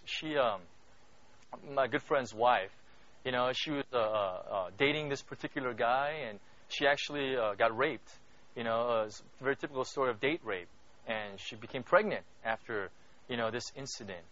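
Man preaching, fillers, builds to loud passion. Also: on the high side, muffled recording. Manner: conversational preaching, many fillers, rising to loud impassioned stretches. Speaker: pastor. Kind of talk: sermon.

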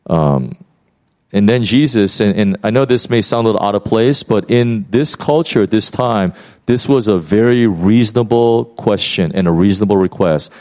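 A man preaching a sermon, retelling a Bible story in a lively, conversational way with many fillers and restarts. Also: fairly low pitch, moderate pace. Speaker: pastor.

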